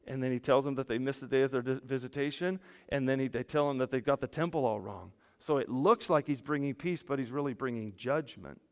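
A man preaching a sermon as pastor, animated, his voice rising and falling. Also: medium pitch. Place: church hall. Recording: long hall reverb.

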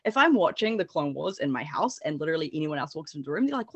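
A woman's voice: mid-range voice, racing, few pauses. A woman co-hosting a podcast, chatting casually with frequent laughter and swearing, then reading a recap. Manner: animated, laughing, swears freely. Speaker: podcast co-host.

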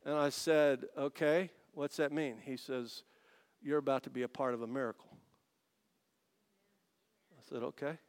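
A man from Italy, a pastor, telling his story to a congregation as a sermon, acting out both sides of the dialogue and building to excited peaks. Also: mid-range voice. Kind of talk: testimony sermon.

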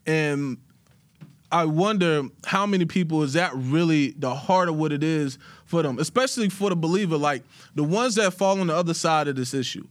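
A man co-hosting a podcast in a casual discussion, talking in an animated, slangy way that rises into quick bursts. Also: on the high side, no echo. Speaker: podcast co-host.

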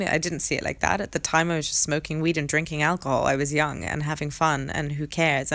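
A young adult woman hosting a podcast, telling a personal story in a candid, reflective way with hesitant pauses. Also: low-pitched, fairly bright tone, clean tone, no echo. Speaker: podcast host.

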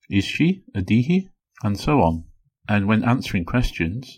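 A man with a low, deep voice walks listeners through a scripted lesson on a podcast. His tone stays measured and explanatory, and he slows down carefully for each example phrase. There is a slight huskiness to his sound. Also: husky. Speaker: podcast host. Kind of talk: scripted educational podcast narration.

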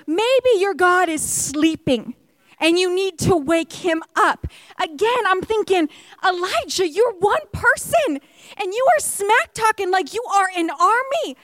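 A woman's voice: extremely high pitch, no echo. A woman pastor preaching a sermon, telling a story with humor and acting out quotes.

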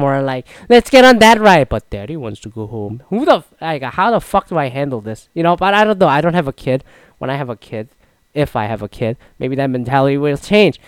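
A young man casually recounting a solo trip, rambling and swearing, with loud mock-outraged outbursts. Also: mid-range voice, clean tone, dry recording. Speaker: vlogger recapping a solo trip. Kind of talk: casual profane storytelling.

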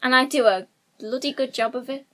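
A woman's voice: sits high, a little fast, bright, forceful tone. A woman co-hosting a casual podcast, firing back dry retorts and laughing often. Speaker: podcast co-host.

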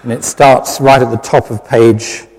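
A British lay preacher giving a conversational, self-deprecating sermon, with many fillers. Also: male voice, mid-range voice, fairly even intonation, measured pace, a little mellow. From Britain. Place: church hall with long reverb. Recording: reverberant church hall.

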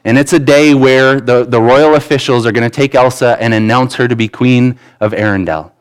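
A man's voice: medium pitch, steady tone, brisk, clear, resonant tone, low-quality recording. A pastor in his thirties preaching a sermon in an earnest, conversational way, with asides and restarts.

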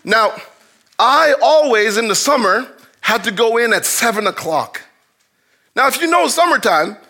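A man delivering a sermon in a very high, bright voice. He preaches with shouted peaks and sudden drops into low, hushed asides. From grew up in a housing complex. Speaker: pastor.

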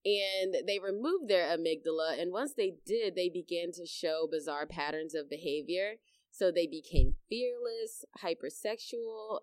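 A young adult woman co-hosting a casual chat, telling stories with lively acted-out reactions and frequent laughter. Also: fairly low pitch, no echo. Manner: animated storyteller, acts out her own reactions loudly, laughs often. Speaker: podcast co-host.

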